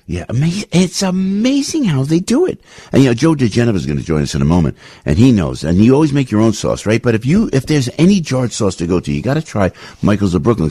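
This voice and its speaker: A man in his sixties with a New Jersey accent, hosting a radio talk show with an animated, jokey pitchman's manner. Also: no echo, clean studio sound. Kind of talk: casual radio chat and live ad read. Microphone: studio broadcast mic.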